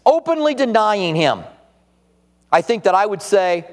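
A man preaches a sermon, his fairly high voice swinging widely in pitch as he tells the story. He acts out the quoted lines as he goes. His voice rings with the long reverb of a large hall. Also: animated, fairly quick. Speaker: pastor.

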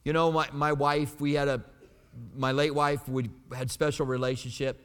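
A man's voice: on the high side, level tone, moderate pace, a bit bright, smooth, big-room sound. A man preaching a sermon as a pastor. He teaches from the Bible in an emphatic, conversational way.

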